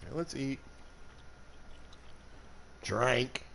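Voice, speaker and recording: A man's voice: medium pitch, lively intonation, drawn-out words, gravelly, fairly bright tone, slight background noise. A man from Alabama with a Southern US accent, chatting and joking to viewers while streaming a survival game. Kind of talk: casual gameplay commentary.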